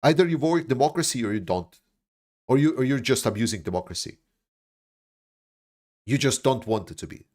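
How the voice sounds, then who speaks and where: A middle-pitched man from the former Soviet region delivers an impassioned political monologue on his livestream. He hammers his points with repetition and the odd burst of swearing. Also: expressive, normal speed, long pauses, darkish tone. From Eastern Europe, post-Soviet. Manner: emphatic, repetitive, swears when angry. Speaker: livestream host.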